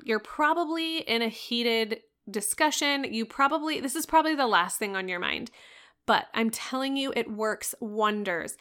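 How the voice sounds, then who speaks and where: A woman in her thirties hosts a solo parenting podcast, speaking in a fairly high, pushed, bright voice. She addresses listeners directly, earnest and coaching as she gives advice.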